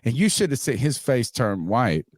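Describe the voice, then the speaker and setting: A man telling a wild story on a podcast, swearing freely and jumping into loud voices for himself and his friend. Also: mid-range voice, moderate pace, dry recording, clean studio sound. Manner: animated, swearing, acts out both sides in raised voice. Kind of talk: casual profane storytelling.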